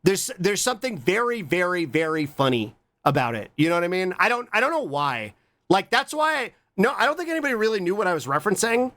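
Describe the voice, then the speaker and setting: A man's voice: high-pitched, sing-song, a little fast, pushed and bright. An American man streaming, chatting casually with lots of swearing and rambling, humming filler sounds between thoughts. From USA.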